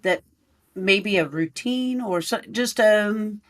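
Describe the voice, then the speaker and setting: Brief: podcast host, very slow delivery, hesitant, mid pitch. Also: a bit bright. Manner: slow and searching, hesitant phrasing. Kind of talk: interview questions.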